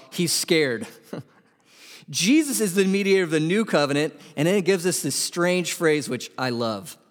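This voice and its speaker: Male pastor, sermon, animated preaching, slightly high voice, long hall reverb. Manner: animated preaching with questions to the congregation.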